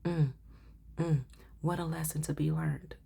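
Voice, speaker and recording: A woman's voice: deep voice, fairly even intonation, measured pace, vocal fry, mellow, a little hiss or hum. A woman giving a casual tarot reading, blunt and profane, often dropping into a whisper. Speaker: tarot reader.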